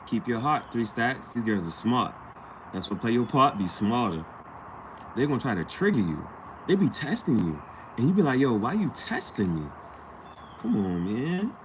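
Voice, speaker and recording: A man at a middle pitch tells stories in a loose, slangy vlog chat, his voice rising and falling a lot as he acts out the people in them. A faint hum of noise sits under his talk. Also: big pitch swings, normal speed. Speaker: vlogger. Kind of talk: casual storytelling chat.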